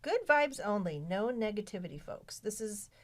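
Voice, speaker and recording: A woman hosting a casual book club chat on a podcast, talking in an animated way. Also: medium pitch, normal speed. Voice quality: animated, mimics voices when quoting others. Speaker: podcast host.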